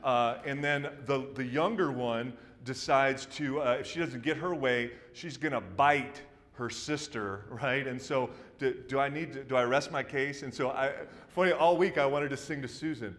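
A male pastor in his thirties preaching a sermon, telling the story in an animated way, rising to loud excitement and dropping to hushed intensity. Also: mid-range voice, moderate pace, hardly any pauses, big-room sound.

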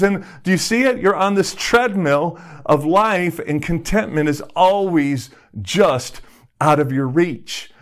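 Hombre predicando con tono conversacional. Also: male voice, on the high side, a little fast. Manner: conversational, self-deprecating preaching with props and acted-out quotes. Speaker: pastor. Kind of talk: sermon.

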